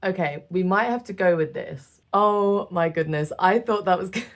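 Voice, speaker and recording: Young British woman with a lowish voice, casual game commentary, chatty and self-mocking. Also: moderate pace. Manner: chatty, self-deprecating, laughs often. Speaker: gaming creator.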